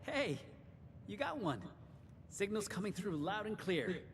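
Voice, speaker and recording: An actor voicing an excitable young male crew member in a video game. He talks in a jumpy, eager way. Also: high-pitched, a little slow, slight background noise, full character voice.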